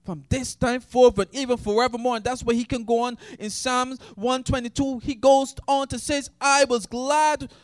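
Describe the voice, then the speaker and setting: A man preaching an impassioned sermon, swinging between shouted praise and hushed, quiet passages. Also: very high voice, steady tone, moderate pace, few pauses, no echo, clean studio sound.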